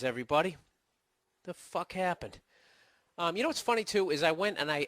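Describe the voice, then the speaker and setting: A man's voice: a little high, a bit bright, no echo, studio quality. A man hosting a podcast, talking in a casual comedic rant full of profanity and sarcastic mock insults. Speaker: podcast host.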